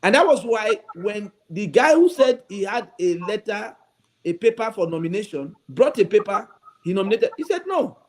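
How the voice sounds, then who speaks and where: A bishop, speaking high and lively with big swings of pitch. He pleads and presses his points with emphasis, a guest on a talk show. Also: normal speed, low-quality recording. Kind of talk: radio talk show interview.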